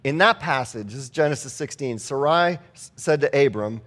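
A man's voice: mid-range voice, expressive, moderate pace, a bit bright. A man preaching a sermon in a conversational way, reading scripture aloud and asking the congregation rhetorical questions. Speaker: pastor.

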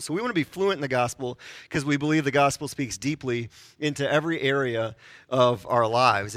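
A man's voice: medium pitch, sharp tone, no echo. A man in his forties preaching a sermon, conversational and self-deprecating, asking the congregation questions. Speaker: pastor.

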